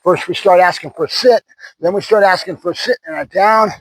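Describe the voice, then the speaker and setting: A man's voice: high voice, a little fast, poor audio. A man working as a dog trainer outdoors, talking to the camera while cueing and praising a puppy, often tagging "right?" on his points. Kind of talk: running commentary during training.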